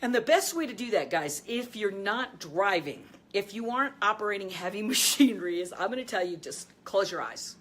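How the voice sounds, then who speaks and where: Speaking a little fast and hardly pausing, a woman who works as a life and business coach hosts a video. She teaches energetically, talks directly to her audience and laughs a lot, then softens to a low, calm tone to guide breathing.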